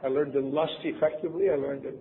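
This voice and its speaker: Here a Wisconsin convention speaker in his seventies talks fast, with a mid-range voice and fairly even intonation. He tells wry, self-mocking stories and performs the voices he quotes, all on lo-fi, phone-like tape with faint hiss.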